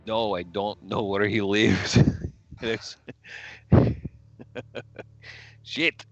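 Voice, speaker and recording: A man's voice: fairly low pitch, steady tone, very slow, muffled recording. A man playing in a tabletop game, talking bluntly and swearing freely. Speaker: player. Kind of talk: casual tabletop game play.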